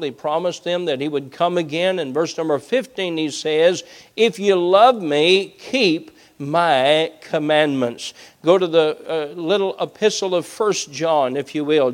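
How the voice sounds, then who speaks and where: Forceful preaching pastor, man. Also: on the high side. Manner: preaching with rising intensity, emphatic Bible reading. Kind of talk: sermon.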